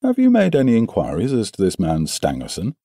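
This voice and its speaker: A man voicing a brisk, sharp-minded male detective in an audiobook, asking pointed questions in a raised voice. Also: lowish voice, huge pitch swings, dry recording, heavily acted. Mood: probing. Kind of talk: audiobook character voice.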